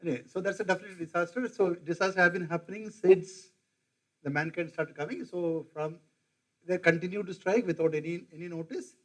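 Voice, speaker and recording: Lecturing to a class in a conversational way, an older professor quizzes his listeners and imitates regional accents. His voice sits high and moves a little fast, and the recording is rough.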